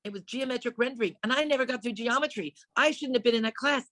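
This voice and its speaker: Deadpan woman in her sixties telling stories. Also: fairly high pitch, fast, no echo. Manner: deadpan storytelling, acting out quoted voices. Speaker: comedian guest. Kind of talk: casual chat.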